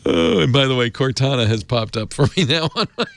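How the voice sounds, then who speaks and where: A man hosting a casual tech podcast, an animated storyteller who laughs often. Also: medium pitch, fairly quick, gravelly. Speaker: host.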